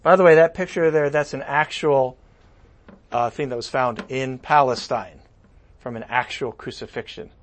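A male pastor preaching a sermon with animated, conversational asides. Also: medium pitch, normal speed, a little hiss or hum.

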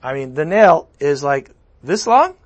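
A male pastor preaching a sermon with animated, conversational asides. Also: fairly high pitch, measured pace, dull audio.

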